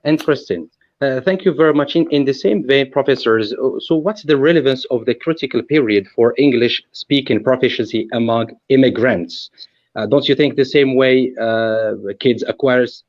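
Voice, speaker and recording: Man, moderator, halting questions, fillers, muffled lo-fi sound. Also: medium pitch, a little mellow. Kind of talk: hesitant questioning.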